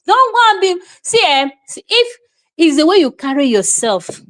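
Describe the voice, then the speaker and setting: A woman with a Nigerian accent, hosting an opinionated commentary and lecturing forcefully, mixing in Pidgin and acting out little scenes in quoted voices. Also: high voice, big pitch swings, moderate pace. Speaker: show host.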